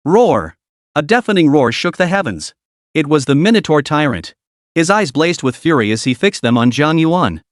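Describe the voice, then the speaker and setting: A man's voice: a little high, expressive, moderate pace, no room sound, studio quality. A man narrating a comic recap with dramatic storytelling.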